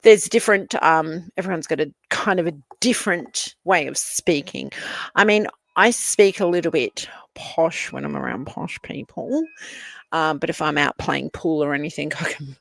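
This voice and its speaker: A woman's voice: low voice, wildly swooping pitch, moderate pace, creaky, no room sound. A middle-aged Australian woman hosting a livestream, chatting casually and laughing as she reads viewer comments, swearing freely. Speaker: livestream host.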